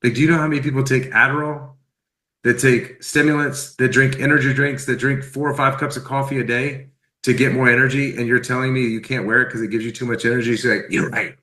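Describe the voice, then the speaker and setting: Male storyteller, bright and forceful, energetic testimonial delivery, echoey room. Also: mid-range voice, fast. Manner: animated, acts out quoted dialogue. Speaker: speaker sharing a personal testimony.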